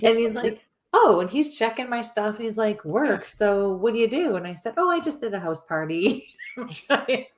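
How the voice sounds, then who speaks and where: A woman's voice: a little high, lively intonation, normal speed. A woman hosting a podcast, chatting casually and laughing often as she tells a story. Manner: laughs often while telling stories. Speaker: host.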